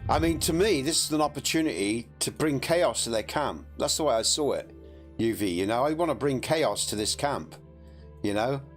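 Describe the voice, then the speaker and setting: A gameplay streamer talking casually through a game. He chats and laughs easily, often poking fun at himself. His pitch is lively, and faint game music runs under his voice. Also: moderate pace. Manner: chatty, laughing, self-deprecating.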